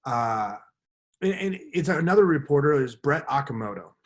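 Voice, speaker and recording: A man's voice: mid-range voice, expressive, normal speed. A young man co-hosting a podcast, telling a rambling story and acting out the quotes in casual chat. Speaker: podcast co-host.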